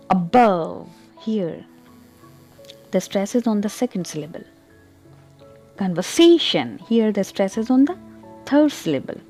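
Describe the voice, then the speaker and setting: A woman teaching English pronunciation in a slow, deliberate lesson, repeating example words and checking in with "okay?". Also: medium pitch, warm tone.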